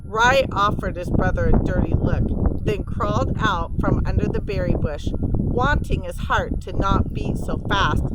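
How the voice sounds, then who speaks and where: A woman reading a storybook aloud to children, pausing to explain words and pictures in a gentle way. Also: mid-range voice, very noisy.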